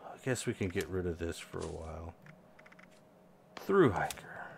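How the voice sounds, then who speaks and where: A young man talks through his gameplay in a slow, unhurried way. His voice swings widely in pitch, dropping to low mutters under his breath before jumping up into loud, exasperated outbursts. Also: lively intonation, creaky, a little hiss or hum. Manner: mutters low, then bursts into loud, high, exasperated rants. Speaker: game video host. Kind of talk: casual gameplay commentary.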